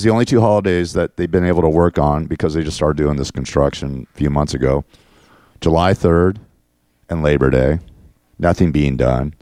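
A man's voice: low voice, a little mellow, no echo, studio quality. A man hosting his own show, ranting in a crude, sarcastic and mocking way. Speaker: show host. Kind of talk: ranting monologue.

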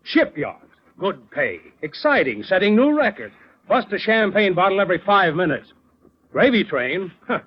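An actor playing a stern, sarcastic older insurance boss in 1940s radio-drama style, with a husky voice, on a lo-fi old broadcast. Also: male voice, high-pitched, big pitch swings, normal speed, full character voice. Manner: cutting, sarcastic, lecturing.

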